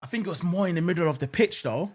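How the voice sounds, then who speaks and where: A young Englishman hosts a live football watchalong, calling the action and chatting loosely with viewers in a high, fast, slightly rough voice. He leans on fillers like "um" and "I'm not gonna lie," repeats himself, and bursts into excited exclamations whenever there's a near-miss.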